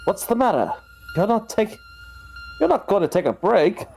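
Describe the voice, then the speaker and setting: A man voicing a brisk, kindly female deputy director in a video game, speaking in a friendly and reassuring way. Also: sits high, very animated, gravelly, darkish tone, soft background music, exaggerated voice. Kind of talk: reading video game dialogue aloud.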